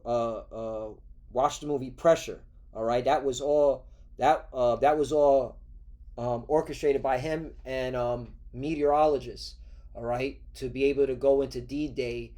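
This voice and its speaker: A man's voice: mid-range voice, dark tone. A man hosting a religious news commentary, ranting and swearing, constantly checking in with "all right?". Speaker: host.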